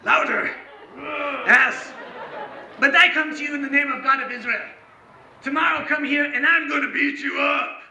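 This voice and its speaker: A brash young hero, fearless and boastful, shouting his challenges in a very high, piercing voice, put on by a man telling the tale. It was recorded live in an echoey room. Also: steady tone, moderate pace, gravelly, long pauses, a little hiss or hum, exaggerated voice. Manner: cocky, challenging, loud.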